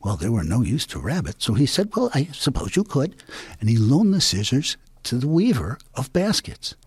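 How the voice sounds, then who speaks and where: A man telling a folk tale in a playful, hushed way, often sinking to a whisper. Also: mid-range voice, very animated, moderate pace, slightly rough, dry recording. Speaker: storyteller.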